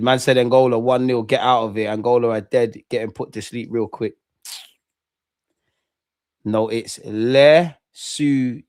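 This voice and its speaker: A young man, chatting with viewers and shouting them out during a live football watch-along. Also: mid-range voice, no room sound, studio quality. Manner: chatty slang-heavy banter, shouting out viewers. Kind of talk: live reaction chat.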